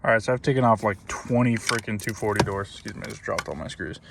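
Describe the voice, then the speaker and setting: A man's voice: on the low side, fast, vocal fry. A man hosting a casual DIY car vlog, talking loosely with many ums and restarts while working on a car in a garage. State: out of breath from working. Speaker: car channel host. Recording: distant mic with faint background noise.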